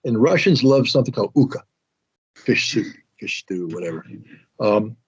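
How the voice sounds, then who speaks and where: A man's voice: on the low side, expressive, moderate pace, slightly rough. A middle-aged American man telling a long, self-mocking anecdote in casual interview talk. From United States. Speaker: guest telling a story. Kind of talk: casual storytelling. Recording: dull lo-fi audio.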